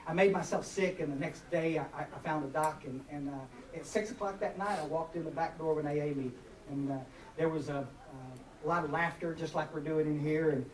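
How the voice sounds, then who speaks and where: This forties-aged man speaks with a drawl, his pitch fairly high and his delivery a little fast. Addressing a live recovery group in a meeting hall, he rambles and pokes fun at himself, stumbling through fillers and restarts. The audio is echoey and noisy, captured from a distance.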